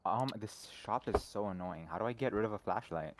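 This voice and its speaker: A man's voice: fairly low pitch, a little fast, noisy background. A man playing along on a game stream, chatting easygoingly with dry humor. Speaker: guest co-player. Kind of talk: casual gaming chat.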